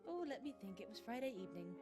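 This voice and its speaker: A woman voicing a sweet, excitable young French cat woman in a game, high and bubbly. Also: fast, loud music behind the voice, natural voice. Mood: eager.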